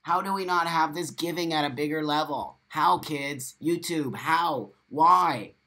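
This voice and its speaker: A male host of a live morning show reads viewer comments aloud and reacts with blunt, profanity-laced emphasis. He repeats key phrases to drive a point home and breaks into sudden loud exclamations when a comment stirs him. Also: on the high side, measured pace.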